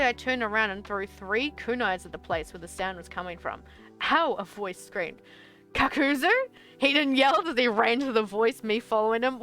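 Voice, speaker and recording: A woman's voice: mid-range voice, pushed and bright. A young woman streamer reading her old story aloud, breaking off into exasperated, swearing asides.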